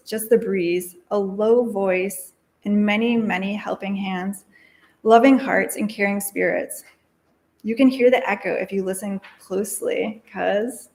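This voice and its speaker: A woman telling a story for all ages during a worship service, slow and gentle with repeated refrains. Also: mid-range voice.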